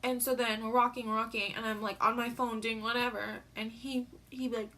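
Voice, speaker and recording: A woman's voice: a little high, level tone, fairly quick, bright, forceful tone. A teenage girl talking casually on her vlog, rambling with lots of fillers and sounding teary after crying. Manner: rambling, filler-heavy storytelling. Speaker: vlogger.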